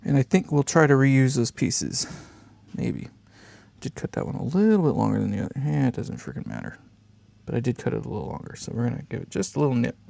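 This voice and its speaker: A man's voice: mid-range voice, lively intonation, fast, creaky, mellow, no echo. A man with congested sinuses chatting in a rambling, laid-back way while building an amp on a live stream, swearing casually and chuckling often.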